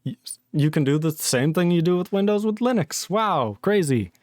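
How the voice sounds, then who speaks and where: A fed-up man rants on a coding livestream, his voice pitched a little high and recorded dry and close. He swears freely and slips into mocking voices to parody the people he argues with. His sarcasm stays sharp the whole time. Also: lively intonation, normal speed, no room sound. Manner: exasperated, sarcastic, swears often, mocks others in put-on voices. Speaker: livestreaming programmer. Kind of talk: ranting casual stream talk.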